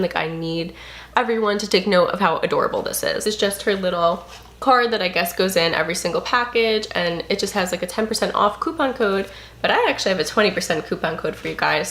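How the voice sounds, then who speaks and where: A young adult woman vlogging an unboxing, gushing and excitable, full of "like" and "you guys". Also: medium pitch, fairly quick. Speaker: beauty and lifestyle vlogger. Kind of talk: casual unboxing vlog.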